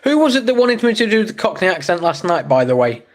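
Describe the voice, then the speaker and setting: Man, from England, livestream host, casual chat, joking, slightly higher pitch. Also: big pitch swings, fast. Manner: chatty, joking, reacts to chat messages. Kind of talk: casual live chat reading comments.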